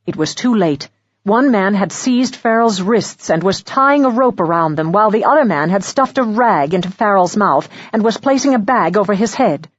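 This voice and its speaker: A woman reads an audiobook in a steady, measured narration. Her tone is breathy and a little husky. The recording is dry and slightly dull. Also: mid-range voice, dry recording. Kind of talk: scripted narration.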